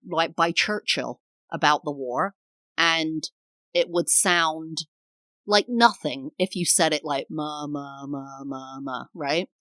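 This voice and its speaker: A woman in her thirties hosts her own podcast, speaking in an earnest, reflective way and sometimes acting out tones of voice to show what she means. Her voice sits low yet sounds bright and sharp. The recording is close and dry, with no room sound. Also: no echo. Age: 30s. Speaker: podcast host. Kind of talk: casual solo podcast talk.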